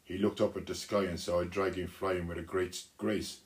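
A man telling a children's story aloud, unhurried, with small restarts. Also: low voice, little pitch movement.

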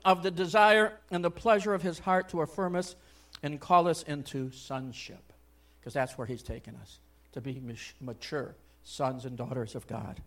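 Male pastor, high voice, sermon; chatty asides, loud-to-hushed swings. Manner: swings between loud exhortation and soft near-whispered asides; conversational, frequent "I mean" and "you know".

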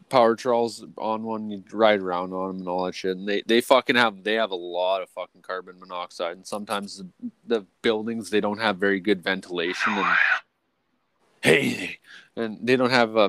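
A man's voice: lowish voice, fairly bright tone, no room sound. A young adult man telling a rambling story with heavy swearing and lots of fillers, co-hosting a casual podcast chat. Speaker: podcast co-host.

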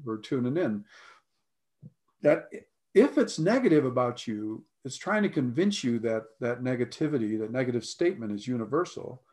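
American guy coaching on a podcast, earnest, keeps clearing his throat and hammering points. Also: medium pitch, expressive, moderate pace, darkish tone. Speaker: life coach guest. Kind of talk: conversational coaching talk.

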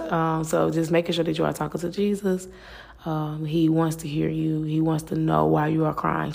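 A woman's voice: low-pitched, creaky, a little mellow, slightly rough. A woman hosting a faith-based talk podcast, speaking earnestly and casually, repeating phrases and filling with "like". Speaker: podcast host.

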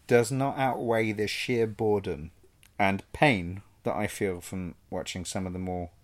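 A man co-hosting a film podcast who talks things through earnestly and pokes fun at himself. His voice sits on the low side. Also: unhurried. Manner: earnest, mock-pleading, self-deprecating. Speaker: podcast co-host. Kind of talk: casual chat.

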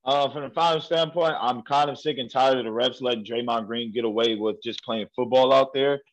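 Animated man ranting on a sports podcast. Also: mid-range voice, poor audio. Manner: animated, ranting, quick to laugh. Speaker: podcast co-host. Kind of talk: casual sports talk.

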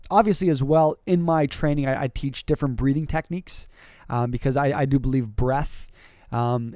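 A man talking on his own podcast as a public speaking coach, energetic and emphatic, with many fillers and repeated words. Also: a little high, no room sound, studio quality. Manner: energetic, emphatic, rising to excited peaks. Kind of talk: podcast monologue.

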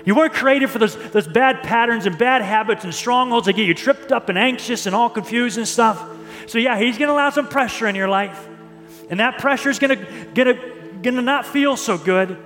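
High-voiced pastor man in a reverberant hall. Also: a bit bright, faint music behind. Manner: earnest, repeats and restarts words, reads scripture slowly. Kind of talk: sermon.

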